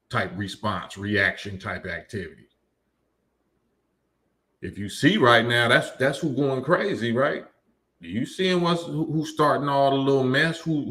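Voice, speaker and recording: A man's voice: mid-range voice, sharp tone. A man hosting a live stream, reading chat comments and lecturing emphatically, often repeating his points. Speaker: livestream host.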